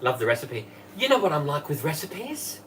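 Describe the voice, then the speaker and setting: A man streams live from his home kitchen as he cooks, chatting and welcoming viewers by name; he's a livestream host who once managed for Tupperware. His voice is a little high, very animated and a bit bright at a normal speed, recorded from a distance off the mic with slight background noise.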